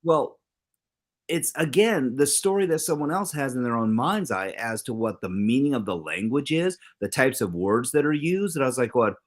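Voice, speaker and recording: A middle-aged man co-hosting a talk show in casual chat, animated, acting out quoted exchanges with big swings in his voice. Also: medium pitch, normal speed. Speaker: co-host.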